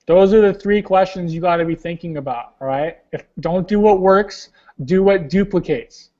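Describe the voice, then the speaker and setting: Young male team leader, high-pitched, blunt and casual, hosting a webinar call; muffled lo-fi sound. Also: moderate pace, darkish tone. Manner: blunt, casual, slangy, keeps saying "guys". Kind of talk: motivational coaching talk.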